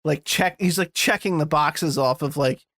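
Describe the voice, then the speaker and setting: A man's voice: on the high side, moderate pace, fairly bright tone, no echo, studio quality. A man co-hosting a podcast, chatting casually and rambling, swearing now and then. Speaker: podcast co-host. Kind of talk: casual chat.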